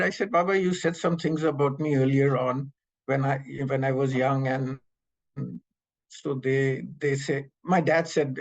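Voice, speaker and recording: A man in his seventies, from Pakistan, telling memories as an animated storyteller who acts out the dialogue. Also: medium pitch, a little slow, low-quality recording. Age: 70s. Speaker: interviewee recounting memories. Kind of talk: storytelling reminiscence. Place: North America.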